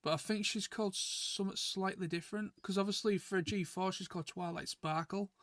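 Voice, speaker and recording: A man's voice: high voice, fairly even intonation, a little fast, a bit bright, no echo. A man co-hosting a casual chat stream, rambling and chatty, stumbling over and repeating his words. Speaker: stream co-host.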